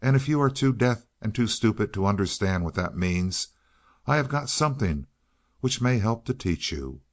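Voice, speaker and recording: A man's voice: lowish voice, lively intonation, normal speed, lightly acted. A man voicing a grumbling, blustering peasant man in a storybook reading, with a demanding manner.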